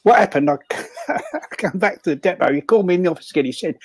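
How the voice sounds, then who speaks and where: Husky older Englishman spinning a yarn. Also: high-pitched, lively intonation, fast, dry recording, low-quality recording. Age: 60s. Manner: rambling raconteur, repeats words, acts out quoted dialogue. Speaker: guest storyteller. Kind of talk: casual anecdote on a livestream.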